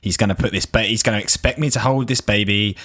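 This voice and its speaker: Bantering man, lowish voice. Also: quick pace, fairly bright tone. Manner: laughs often, banters with mild swearing. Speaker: podcast co-host. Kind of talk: casual chat.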